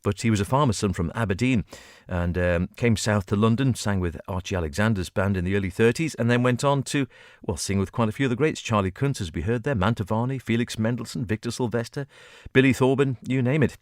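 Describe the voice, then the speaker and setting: A man's voice: fairly low pitch, fairly quick, hardly any pauses, no echo. A man presenting a radio music show in a studio, chatty and digressive, chuckling as he goes. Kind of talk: casual music-show chat.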